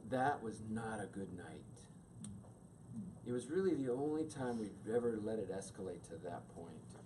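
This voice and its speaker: A man's voice: on the low side, moderate pace. A man giving a storytelling talk to an audience, acting out the voices in his stories. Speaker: speaker. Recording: distant mic with steady noise.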